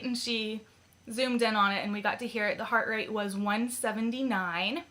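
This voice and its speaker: A woman's voice: a little high, brisk, a bit bright. A young woman chatting casually in a vlog, giggling often and filling her talk with ums and likes. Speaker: vlogger.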